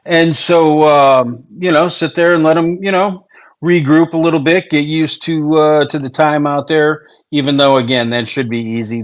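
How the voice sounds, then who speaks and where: A man co-hosting a casual sports show, easygoing and chatty, leaning on fillers. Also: on the high side. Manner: easygoing, lots of fillers like you know. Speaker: podcast co-host.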